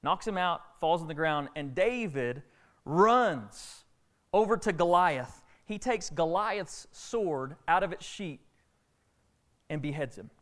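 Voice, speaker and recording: A man preaching a sermon, retelling a Bible story with lively, acted-out dialogue. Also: a little high, slow. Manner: animated storytelling preacher, acting out characters' lines. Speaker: pastor.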